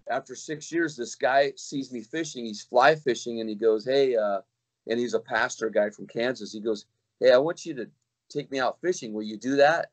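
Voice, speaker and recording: A middle-aged kayak fishing guide with a mid-range voice tells a long story in casual chat, restarting many times and acting out quotes.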